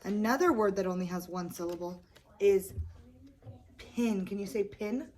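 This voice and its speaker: A woman's voice: mid-range voice, moderate pace, a little mellow. A woman teacher leading a small group of young children through a lesson, patient and encouraging, praising them often. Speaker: elementary school teacher. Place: classroom with children. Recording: noisy classroom with children's chatter.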